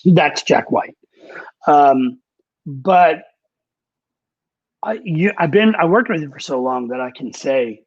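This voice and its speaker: A man's voice: on the high side, expressive, slow, pauses often, slightly rough, dry recording, muffled recording. A man who works as a recording engineer and producer, telling candid, profane studio anecdotes in a casual interview. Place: Nashville.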